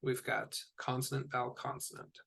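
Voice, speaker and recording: A man teaching a recorded lesson in a relaxed, explaining way, with fillers and small asides. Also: mid-range voice, normal speed, creaky.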